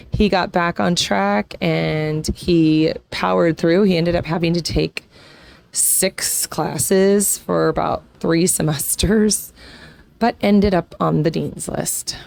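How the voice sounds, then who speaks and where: A woman's voice: lowish voice, vocal fry, darkish tone. A woman in her forties hosting a podcast, telling a personal story in a casual, rambling way, emotional and close to tears. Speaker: podcast host.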